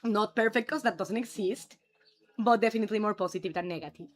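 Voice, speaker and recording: A woman's voice: mid-range voice, fast. A woman in her thirties from Mexico, chatting casually with viewers on a live stream and answering them by name.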